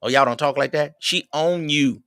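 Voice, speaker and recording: A middle-aged man, hosting a livestream and giving preachy, animated advice to his viewers. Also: fairly high pitch, normal speed, smooth, no room sound, faint music behind. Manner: preachy, animated, quotes others in raised voices. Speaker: livestream host. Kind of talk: casual advice talk to viewers.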